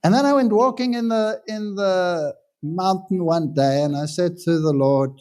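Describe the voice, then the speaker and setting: A pastor giving a sermon in a casual, conversational way, telling stories with self-deprecating humor. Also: male voice, sits high, measured pace, hardly any pauses, darkish tone. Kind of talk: anecdotal sermon talk.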